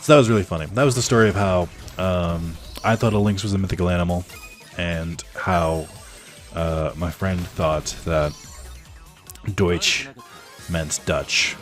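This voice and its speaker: A man's voice: low-pitched, steady tone, a little slow, soft background music. A man telling a casual, rambling story over his gameplay as a YouTuber, full of fillers and chuckles. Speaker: gaming YouTuber.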